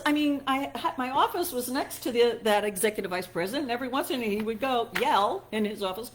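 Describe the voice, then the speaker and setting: Speaking fast with few pauses, a middle-aged woman minister gives a sermon in a conversational style, her fairly high voice full of expression. She's chatty and self-deprecating, laughing at her own personal anecdotes and imitating what others told her.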